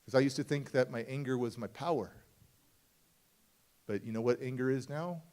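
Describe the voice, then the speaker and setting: A motivational speaker telling a personal story at a conference, acting out the people in it and swinging between hushed and loud. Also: male voice, medium pitch, moderate pace. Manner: acts out voices of people in his story, swings from hushed to shouting. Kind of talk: dramatic storytelling keynote. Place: large conference hall.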